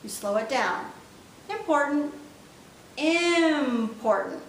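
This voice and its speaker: A woman's voice: animated, takes it slowly. A woman teaching sign language vocabulary, patiently repeating each word as she demonstrates it. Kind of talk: step-by-step instructional lesson. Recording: echoey room, mic at a distance, faint rumble.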